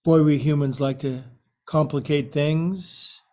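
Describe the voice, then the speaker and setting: Slow-talking joking male yoga teacher. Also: fairly high pitch, steady tone, mellow. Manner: slow and joking, with quirky asides. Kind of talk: guiding a yoga class.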